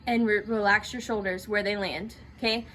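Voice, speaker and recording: Bright-voiced woman leading breathing exercises. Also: medium pitch, steady tone, normal speed, slight background noise. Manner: encouraging, checks in with "okay?" often. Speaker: theatre teacher. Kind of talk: guided breathing exercise instruction.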